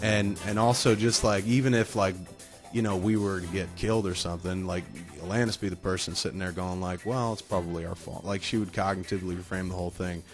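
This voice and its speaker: Profane, self-mocking low-voiced man. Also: little pitch movement, fast talker. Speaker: podcast host. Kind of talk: casual comic storytelling. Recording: music playing behind the voice.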